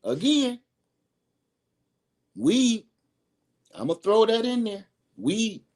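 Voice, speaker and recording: Middle aged guy ranting at home, slow and repetitive, high voice that swings around a lot. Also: sing-song. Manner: rambling, emphatic, repeats his points. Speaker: video host. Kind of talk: casual opinion monologue.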